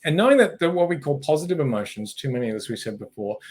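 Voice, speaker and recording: A man's voice: medium pitch, quick pace. A middle-aged man, presenting a webinar in a conversational way, acting out quoted speech and often restarting his sentences. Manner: animated, acts out quoted speech, frequent restarts.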